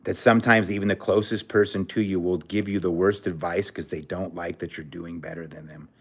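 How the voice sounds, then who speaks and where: A man chatting on a casual livestream with a fairly low voice. He talks bluntly and frankly, swears freely, and comes across as earnest and emotional. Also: fairly even intonation, fairly quick, gravelly, breathy edge. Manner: blunt, outspoken, cursing freely. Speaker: livestream host. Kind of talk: casual livestream chat, reading viewer comments.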